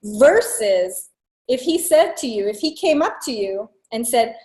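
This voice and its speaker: A woman giving a casual, blunt coaching talk to students, swearing freely and dropping quick asides. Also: a little high, lively intonation, darkish tone, reverberant, low-quality recording. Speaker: online business coach.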